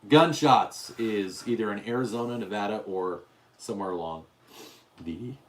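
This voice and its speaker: A man's voice: lowish voice, moderate pace. A middle-aged man hosting a casual livestream, chatting and reading viewer names aloud. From Utah, US. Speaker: livestream host.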